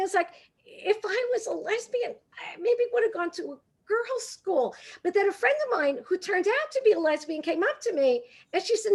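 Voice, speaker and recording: A woman in her sixties from Brooklyn tells funny stories with a brash, quick-witted delivery. Her voice sits high and swoops up and down as she acts out the exchanges. She talks like she is used to firing right back. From Brooklyn, New York. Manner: brash, quick comebacks, animated storytelling. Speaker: guest speaker. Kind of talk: humorous storytelling talk.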